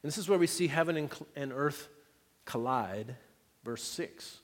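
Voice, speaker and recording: A man's voice: fairly high pitch, animated, normal speed, in a large hall. A man preaching a sermon as pastor, in a conversational style with light humor and frequent rhetorical checks to the congregation.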